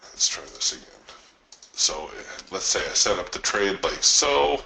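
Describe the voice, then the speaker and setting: A man's voice: low-pitched, sing-song, unhurried, vocal fry, bright, forceful tone, a little hiss or hum, rough recording. A man hosting a live trading webinar, explaining his approach in a conversational way and telling stories to his listeners. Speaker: trading coach and webinar host.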